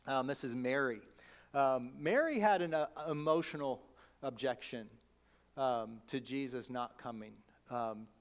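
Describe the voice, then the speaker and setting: A man preaching a sermon as pastor, conversational and animated, acting out the people he quotes. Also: mid-range voice, a little slow.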